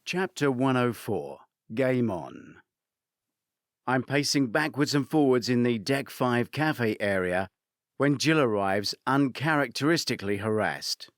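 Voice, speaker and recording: A man narrating a first-person thriller audiobook, shifting between characters in an animated reading. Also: medium pitch, measured pace, dry recording, studio quality.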